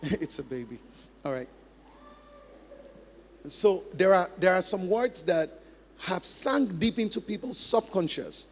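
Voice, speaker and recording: A man's voice: sits high, expressive, takes it slowly, long pauses. A man preaching a sermon as pastor, emphatic, repeating key phrases and acting out practice drills. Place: large church hall. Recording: long hall reverb.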